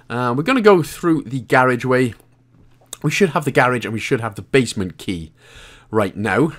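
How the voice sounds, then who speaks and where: Hosting a gaming guide, a man from Wales walks the listener through a video game in a jokey, chatty manner with the odd swear word. His pitch swings up and down a lot, making his delivery animated.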